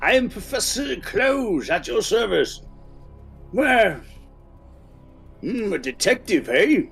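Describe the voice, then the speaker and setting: A man voicing a jovial, large bearded professor with a booming, hearty manner. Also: big pitch swings, takes it slowly, creaky, fairly bright tone, faint music behind, heavily acted.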